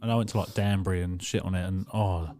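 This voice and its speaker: A man's voice: low-pitched, steady tone, fast, background noise. A man co-hosting a podcast, chatting casually, laughing and swearing freely. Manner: swears a lot, laughs while talking. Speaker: podcast co-host. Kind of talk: casual chat.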